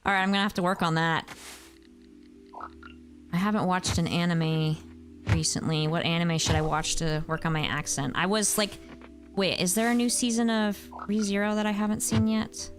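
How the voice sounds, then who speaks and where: A woman in her thirties from the United States, chatting casually with her viewers while she plays a game, with animated exclamations. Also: on the low side, normal speed, soft background music. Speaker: game streamer. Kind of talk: casual chat while gaming.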